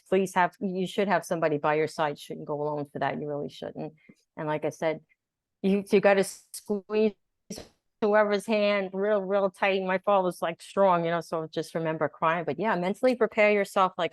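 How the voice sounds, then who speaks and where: A woman guest in an interview, telling her story in a lively way and acting out what people said. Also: lowish voice, moderate pace, dry recording, clean studio sound. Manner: animated storyteller, acts out quotes. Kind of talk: conversational interview.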